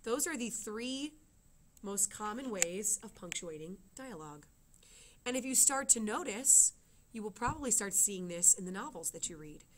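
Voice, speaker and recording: A woman's voice: mid-range voice, animated, moderate pace, slight background noise. A woman teaching a writing lesson, explaining step by step and checking in with her students. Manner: explains step by step, often asks "okay?".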